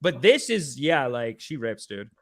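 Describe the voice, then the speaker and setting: A man's voice: medium pitch, very animated, unhurried, a bit bright. A man hosting a casual podcast, profane and rambling in his banter. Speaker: podcast host.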